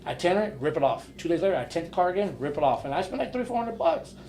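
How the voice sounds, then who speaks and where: Gravelly-voiced man telling lively stories. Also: high-pitched, quick pace, a little hiss or hum. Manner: animated storyteller who acts out voices in his tales. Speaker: podcast guest. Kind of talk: casual storytelling.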